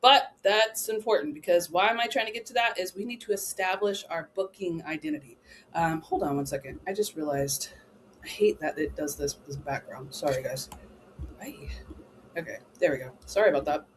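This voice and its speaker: A woman's voice: fairly low pitch, normal speed, slight background noise. A young adult woman giving a chatty, emphatic training talk to travel agents, often checking in with "right?" and "okay?".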